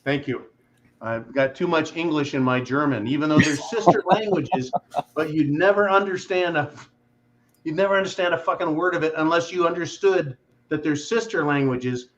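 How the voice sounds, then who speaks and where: A man hosting a casual livestream chat, joking loudly and swearing freely. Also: fairly high pitch, normal speed, highs cut off. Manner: profane, joking, boisterous. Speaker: host.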